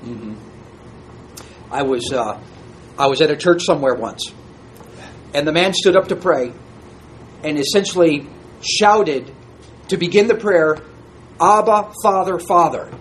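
A man's voice: a little high, expressive, a little slow, long pauses, a little hiss or hum. A man teaching an interactive Bible class, reading scripture aloud and asking the group questions in a conversational way.

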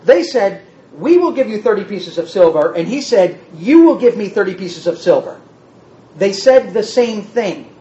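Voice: medium pitch, expressive, normal speed, mellow, dull audio. A Bible teacher giving a word-study lesson, reading verses aloud and then restating them in plain words.

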